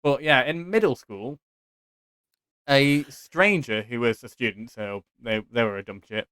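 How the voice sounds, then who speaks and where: English guy from stoke w a slight lisp, smooth clear voice, rambly podcast host, dry mic. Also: medium pitch, measured pace, sharp tone, no echo. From Stoke, England. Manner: rambling, self-deprecating, swears often. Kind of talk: casual chat.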